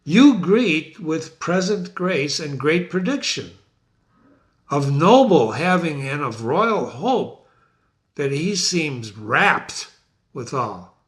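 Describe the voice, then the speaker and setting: A man reading aloud the lines of a bold, questioning male Scottish general, slow and measured. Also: on the high side, very animated. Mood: challenging. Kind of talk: dramatic reading of a play quote.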